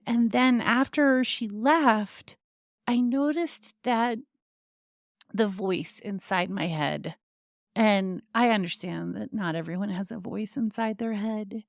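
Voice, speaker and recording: A young adult woman hosting a podcast tells a personal story in a chatty monologue full of fillers and laughter. Her voice is mid-range and gravelly, recorded in a clean studio with no echo.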